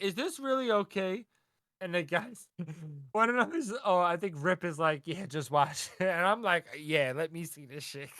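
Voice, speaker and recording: Animated man recapping, close and dry. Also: high-pitched, no echo. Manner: animated, swearing, acting out characters in quick voices. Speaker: podcast co-host. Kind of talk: casual chat recapping a manga chapter.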